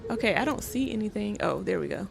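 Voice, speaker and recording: A woman's voice: mid-range voice, big pitch swings, quick pace, vocal fry, over music. A woman streaming a game, reading in-game letters aloud with gasping reactions. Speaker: gaming streamer. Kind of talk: casual gameplay commentary.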